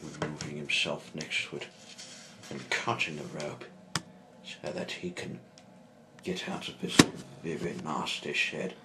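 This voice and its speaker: A man reading a children's story aloud in an unhurried amateur style, often stumbling and rephrasing. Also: rumbling low, vocal fry, very noisy. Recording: echoey room.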